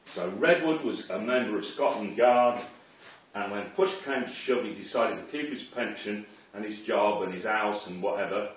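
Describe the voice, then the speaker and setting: A man ranting angrily to camera in an unscripted, profane tirade, accusing someone directly. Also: fairly low pitch. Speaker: online commentator. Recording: very echoey room, far from the mic.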